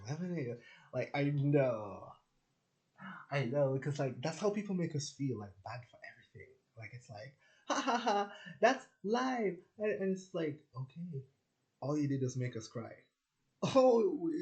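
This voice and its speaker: A man's voice: mid-range voice, warm tone. A young man from Jamaica with a Jamaican accent, rambling casually and laughing as he jumps between topics. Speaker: spiritual channel host.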